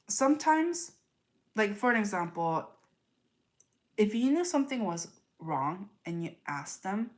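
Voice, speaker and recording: A woman giving a live tarot reading, earnest and repetitive, full of rhetorical questions. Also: lowish voice. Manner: earnest, repeats herself, asks rhetorical questions. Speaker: tarot reader.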